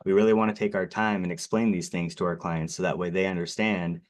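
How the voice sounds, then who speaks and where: A man with a strikingly low voice gives a sales presentation on local TV. He talks nervously and apologetically, and fillers crowd his sentences. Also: level tone, brisk. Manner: nervous, self-deprecating, many fillers. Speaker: garage door company presenter.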